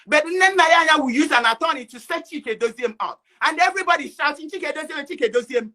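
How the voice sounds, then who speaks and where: A woman calling in to a talk show, speaking passionately, often shouting and sometimes tearful. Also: high-pitched, animated, brisk. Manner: impassioned, rising to shouting. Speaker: caller. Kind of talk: impassioned call-in rant.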